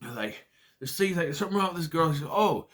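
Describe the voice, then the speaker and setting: A man's voice: on the high side, animated, quick pace, fairly bright tone. A man casually recapping a bad movie with sarcastic asides, jumping into exaggerated voices for the characters' lines. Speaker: movie reviewer.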